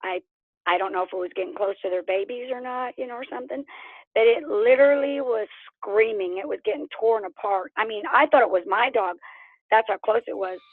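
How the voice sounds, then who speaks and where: Animated woman telling a tale over the phone. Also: fairly high pitch, a little fast, no room sound. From Oklahoma. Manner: animated, laughs often, acts out quotes. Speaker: interview guest. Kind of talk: casual storytelling. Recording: tinny phone line.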